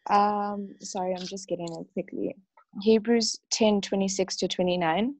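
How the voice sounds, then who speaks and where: A woman with an accent, taking part in a Bible study, reads scripture aloud softly and a little hesitantly. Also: mid-range voice, steady tone, moderate pace, poor audio. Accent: non-local accent. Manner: soft and a little hesitant, with small "um"s.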